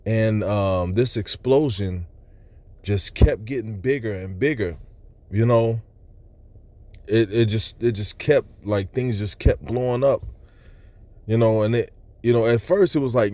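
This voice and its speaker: In a fairly low, mellow voice at a measured pace, a man recounts a vision as his religious testimony. He tells it earnestly but loosely, wandering off into many "you know" asides, and the recording is dry.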